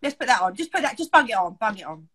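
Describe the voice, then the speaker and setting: A teary-eyed, giggly woman hosts a makeup vlog in loose, joking banter. Her voice sits fairly high and swings widely in pitch. She talks in a chatty, easygoing way. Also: sing-song, rapid-fire, a bit bright, slightly rough. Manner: giggly, chatty, easily set laughing. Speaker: makeup vlogger. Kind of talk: casual banter while doing makeup.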